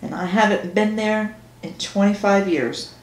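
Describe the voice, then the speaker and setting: A woman author reading her own novel aloud in first person, slow and measured. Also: medium pitch. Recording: echoey room.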